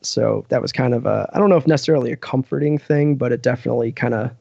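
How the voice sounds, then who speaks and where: A man's voice: medium pitch, fast talker, vocal fry, dry recording, lo-fi sound. A man from Western Massachusetts, a podcast guest, telling a rambling casual story full of "like" and "you know".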